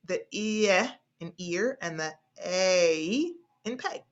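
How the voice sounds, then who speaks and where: A woman speech instructor teaching an online class, hesitating often and slowly stretching out vowel sounds as she demonstrates them. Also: mid-range voice, lively intonation, a bit bright, muffled recording. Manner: hesitant, with frequent fillers and restarts.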